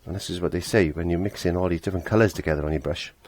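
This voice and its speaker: A man's voice: low-pitched, racing, darkish tone, slight background noise. A middle-aged man teaching a casual painting lesson, chatty and laughing at himself, trailing off when he concentrates.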